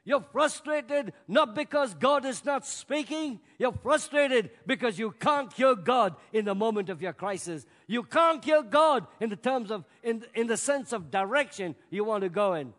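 Male preacher, high voice, goes loud then real quiet, long echo of a big church hall. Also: animated. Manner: dramatic swings between loud outbursts and hushed, drawn-out words. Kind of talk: sermon. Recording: long reverb of a large hall.

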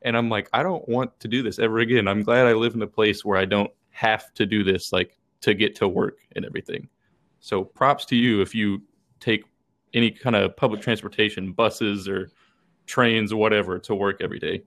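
A young man tells stories on a casual podcast, looping through fillers and dropping curses as he goes. His voice sits low and has a gravelly edge to it. The delivery is loose, conversational and unpolished. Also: fairly even intonation, normal speed, a bit bright. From Texas. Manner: rambling storytelling, swears freely, fillers. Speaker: podcast co-host. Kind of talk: casual chat.

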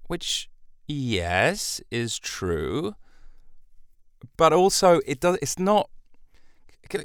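A man's voice: lowish voice, no room sound, clean studio sound. A man hosting a comedy podcast, rambling through a solo monologue, cutting himself off and swearing as he goes. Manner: meandering, self-interrupting, sweary. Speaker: podcast host.

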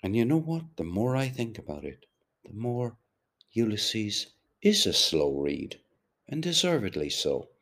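A man's voice: lowish voice, sing-song, measured pace, fairly bright tone. A man reading a novel aloud and stopping to explain it in chatty asides. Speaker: audiobook reader and podcaster.

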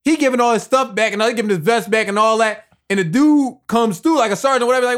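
A man's voice: high-pitched, quick pace, fairly bright tone. A young man telling stories in a casual, slangy group chat, acting out quoted voices.

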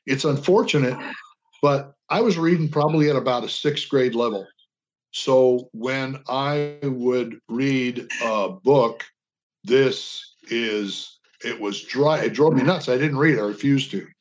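A man's voice: medium pitch, a little slow. An older man talking as a radio interview guest, telling stories earnestly and with passion, leaning on inflection for emphasis. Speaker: guest, veteran advocate. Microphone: radio call-in line.

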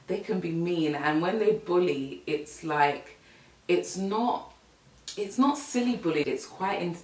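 Young woman host, casual lively storytelling, somewhat distant from the mic. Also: lowish voice. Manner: animated, laughing, acts out voices in the story. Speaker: podcast host. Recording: echoey room, voice set back from the mic.

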